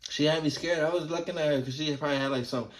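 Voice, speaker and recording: A man's voice: a little high, steady tone, racing. A man in his thirties from New Jersey telling childhood stories in a laid-back, rambling way, swearing freely. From New Jersey, USA. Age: 30s. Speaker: vlogger. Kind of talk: casual storytelling.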